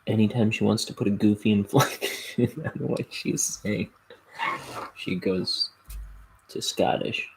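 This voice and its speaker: A man's voice: lowish voice, fairly even intonation, measured pace, gravelly, husky, poor audio. An American man chatting casually to his stream while inking, rambling and laid-back. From United States. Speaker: artist streaming while inking a graphic novel.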